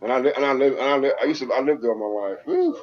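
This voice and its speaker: A man's voice: medium pitch, steady tone, very fast, dull audio. A man from the St. Louis area, a guest in a casual chat, who stammers and repeats words and laughs easily.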